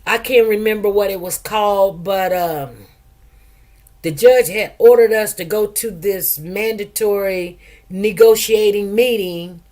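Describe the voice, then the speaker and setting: A woman, hosting casual commentary and telling stories with animated, acted-out quotes. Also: medium pitch. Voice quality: lively, animated storytelling, acts out quotes. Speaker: commentary host.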